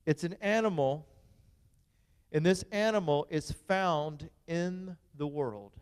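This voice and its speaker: Playful high-voiced pastor in a reverberant hall. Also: male voice, animated, slow pace, clear, resonant tone. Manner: playful, teasing, bossy with the kids. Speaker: youth pastor. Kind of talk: lively youth-group game hosting. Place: church hall.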